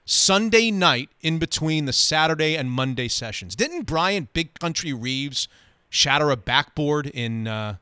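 A man hosting sports radio, telling a story in a lively, quick way. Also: a little high, clean tone, no room sound, studio quality. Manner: animated, quick anecdote telling. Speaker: radio host.

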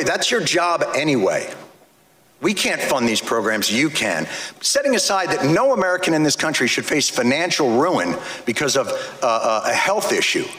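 A man giving angry, impassioned testimony at a hearing, speaking forcefully and cutting into his listeners. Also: a little high. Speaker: advocate testifying before a legislative hearing. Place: large hearing room. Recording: roomy hall echo.

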